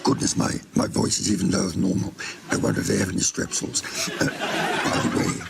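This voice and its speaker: A man playing a posh older royal wife who talks in a very low, husky, half-whispered voice with a gushing, genteel manner. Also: brisk, a crowd in the background, lightly acted. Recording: loud background noise.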